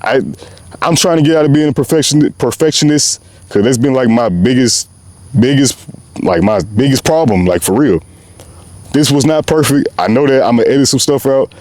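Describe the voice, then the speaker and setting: Passionate rambling young man, mellow voice. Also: medium pitch, normal speed, dry recording. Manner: passionate, rambling, slangy, often says "bro". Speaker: podcast host. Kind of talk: unscripted heartfelt monologue.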